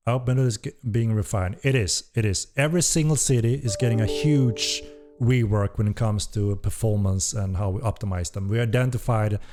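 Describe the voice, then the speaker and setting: With faint music in the background, a game developer hosting a laid-back live-stream Q&A reads out chat questions. His voice is on the low side and brisk, his speech relaxed and hesitant, with casual swearing.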